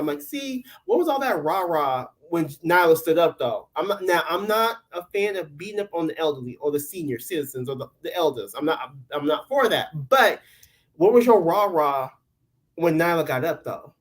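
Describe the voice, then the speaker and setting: A woman co-hosting a casual recap podcast, telling the story in a lively, animated way and acting out what the cast said. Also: sits low, a little fast, low-quality recording. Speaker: podcast co-host.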